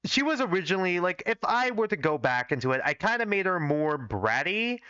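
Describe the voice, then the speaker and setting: A man's voice: high voice, very animated, fairly quick, sharp tone, clean tone, dry recording, highs cut off. A young man casually reading his old fanfiction on a livestream, rambling and critiquing his own writing. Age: young adult. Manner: self-critical, rambling with fillers.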